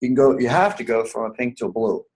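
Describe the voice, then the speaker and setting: A man's voice: mid-range voice, quick pace, a little mellow, poor audio. A man teaching a writing seminar class live, emphatic and repetitive, often asking the students whether they follow. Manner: emphatic, repeats key points, asks the class questions.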